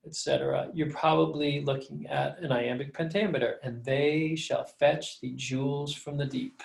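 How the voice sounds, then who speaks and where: Gravelly-voiced professor giving a slideshow lecture. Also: male voice, mid-range voice. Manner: relaxed, conversational, with fillers; reads verse lines slowly to show the meter.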